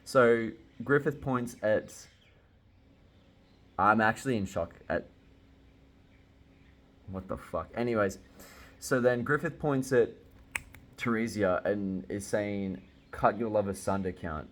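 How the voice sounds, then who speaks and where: Low-voiced guy ranting about a manga chapter, swears a lot, gets all worked up. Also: takes it slowly, long pauses, a bit bright. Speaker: manga reviewer. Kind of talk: casual reaction commentary.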